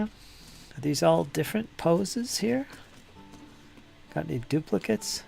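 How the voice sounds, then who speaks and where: A man with a gravelly, somewhat high voice chats casually on a live stream, muttering to himself as he works on models. His voice is getting hoarse. Faint music plays behind him. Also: lively intonation, slow, a little mellow. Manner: rambling, talks to himself while building models. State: losing his voice. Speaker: hobby streamer.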